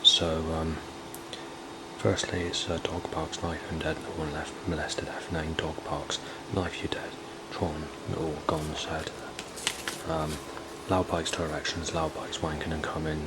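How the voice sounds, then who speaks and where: A man's voice: very deep voice, little pitch movement, unhurried, heavy background noise. A man, rambling and hesitant with many fillers, recording a spoken log indoors. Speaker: diarist recording a personal log. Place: indoors in a building.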